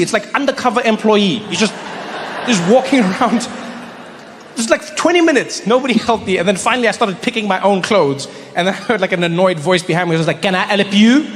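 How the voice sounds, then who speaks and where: A man doing stand-up comedy, telling stories in an animated way with stammered restarts for effect. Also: high voice, background noise.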